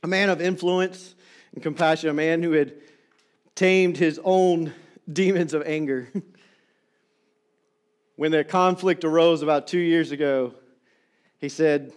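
A middle-aged man preaching a sermon as pastor in a church, telling stories and swinging from emphatic loud lines to soft, quiet ones. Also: a little high, a little slow, long pauses. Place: church sanctuary.

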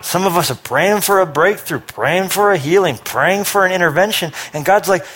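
Male pastor, middle-aged, sermon delivery, energetic and emphatic, voice a touch high. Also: breathy edge. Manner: energetic, rising to forceful emphasis with quick asides.

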